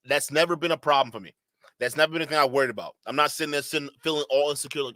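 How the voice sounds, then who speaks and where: A man's voice: a little high, racing, sharp tone, no echo, clean studio sound. A man giving a blunt, profane reaction commentary, with mocking asides and bursts of laughter. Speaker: streamer commentator.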